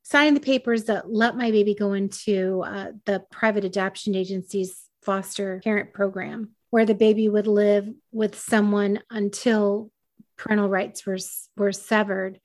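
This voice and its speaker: A woman's voice: mid-range voice, steady tone, moderate pace. A woman guest on a podcast, telling a personal story in a candid, self-deprecating way.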